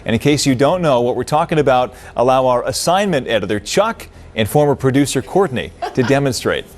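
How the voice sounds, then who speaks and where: A man's voice: medium pitch, expressive, fairly quick. A man presenting a local television news segment with a polished, upbeat delivery. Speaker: news anchor.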